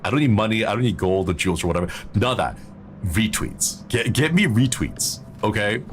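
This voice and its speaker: A man streaming a horror game, chatting casually in a rambling, jokey way and getting easily excited. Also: lowish voice, brisk, slight background noise. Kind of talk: casual gameplay commentary.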